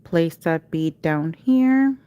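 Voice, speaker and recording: Slow, low-voiced woman teaching nail art. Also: lively intonation, no room sound, muffled recording. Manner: patient step-by-step instruction, chanting repeated cue words. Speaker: nail artist teaching a live class. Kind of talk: livestream tutorial.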